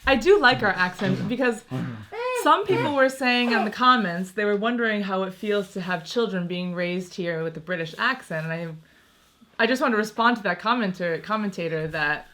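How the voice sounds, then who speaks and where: A woman's voice: mid-range voice, lively intonation, moderate pace, pushed and bright. An American woman in her thirties chatting casually on a vlog, laughing often between thoughts. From United States. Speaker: vlogger. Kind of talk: casual chat.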